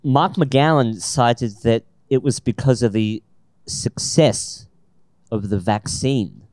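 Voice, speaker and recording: A man's voice: mid-range voice, darkish tone, dry recording. A man, co-hosting a casual podcast and giving his opinions with emphasis. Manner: emphatic, quick to agree, repeats words when starting. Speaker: podcast co-host.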